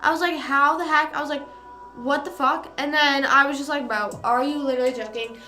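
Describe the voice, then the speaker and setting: Bright rambling young woman streamer. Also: high-pitched, steady tone, a little fast, faint music behind. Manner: rambling, filler-heavy, swears casually. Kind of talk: casual chat storytelling.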